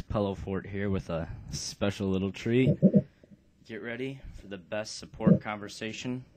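A man's voice: on the low side, warm tone, slight background noise. A man hosting a video game let's play, talking through his playthrough in a laid-back, offhand way. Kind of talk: casual game commentary.

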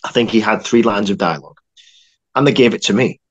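A young man, an actor and filmmaker, telling a lively story on a podcast with quick asides. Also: lowish voice, husky, lo-fi sound. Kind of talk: casual anecdote telling.

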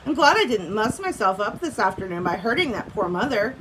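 A woman voicing a proud, gentle male lion from a storybook, reading his lines in a stately, indignant way. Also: mid-range voice, big pitch swings, a little fast, slight background noise, low-quality recording. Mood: dignified.

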